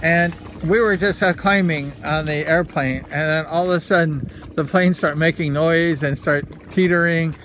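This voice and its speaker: A man recounts a personal story in casual first person. His voice sits a bit high, and he rambles with plenty of filler words, growing excitable as he tells it. A faint hiss runs underneath. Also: normal speed, hardly any pauses. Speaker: vlogger telling a personal story.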